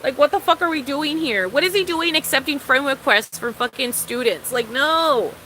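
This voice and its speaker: A woman's voice: high voice, moderate pace, bright, forceful tone, slight background noise, poor audio. A young woman vlogger ranting in a casual storytime, exasperated and incredulous, swearing freely and laughing often.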